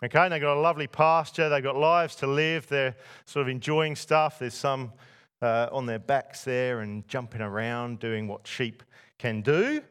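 A man's voice: mid-range voice, moderate pace, fairly bright tone, smooth. A man preaching a sermon to a church congregation, putting rhetorical questions to his listeners. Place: church before a masked congregation.

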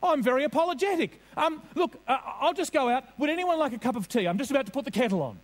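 A man voicing a flustered, overly polite husband who apologizes fast and fusses. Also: very high-pitched, lively intonation.

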